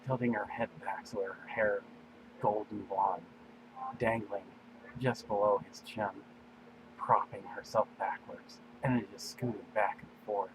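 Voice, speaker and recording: A man with a fairly low voice reads his own fan story aloud at an unhurried, meandering pace, with fillers. A steady hiss of noise lies under the home recording. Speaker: story reader. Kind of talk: amateur fan-fiction reading.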